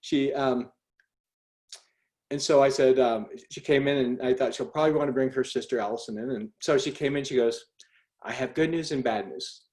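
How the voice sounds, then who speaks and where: A middle-aged man, a speaker, telling a personal story on a group call in an animated, conversational way, with many fillers and restarts. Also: medium pitch, brisk.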